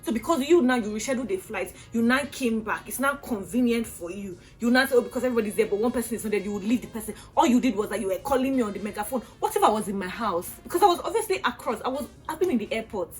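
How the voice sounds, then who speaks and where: A young Nigerian woman with a Nigerian accent, telling a storytime vlog in an animated, exasperated way with acted-out outbursts. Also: a little high, quick pace, few pauses, soft background music. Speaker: vlogger.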